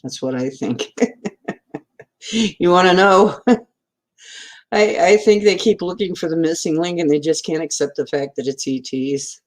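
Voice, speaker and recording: Speaking unhurriedly in a low voice and pausing often, a woman runs a relaxed home livestream. She says hi to viewers by name and drifts from thought to thought with lots of giggles.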